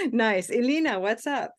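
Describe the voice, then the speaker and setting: A woman's voice: on the high side, big pitch swings, takes it slowly. A woman teaching English pronunciation in a live online lesson, upbeat, modeling syllable rhythm in chants and often laughing between prompts, heard through a computer mic on a video call.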